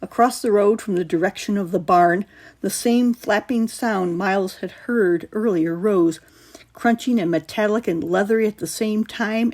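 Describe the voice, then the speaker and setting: A woman author reading her own horror story aloud in measured, suspenseful narration. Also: medium pitch, darkish tone.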